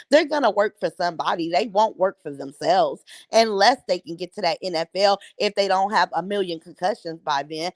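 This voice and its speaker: A woman's voice: mid-range voice, no room sound. A middle-aged woman hosting a livestream, chatting casually with viewers and trash-talking bluntly. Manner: blunt, mocking trash talk. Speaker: livestream host. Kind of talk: casual chat reacting to live viewer comments.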